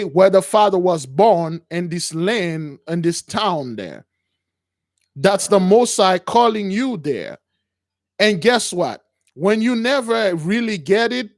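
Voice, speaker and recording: High-pitched man preaching on a call-in show. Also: dry recording, clean studio sound. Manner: emphatic, repetitive, keeps addressing listeners as brothers. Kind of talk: preaching to callers.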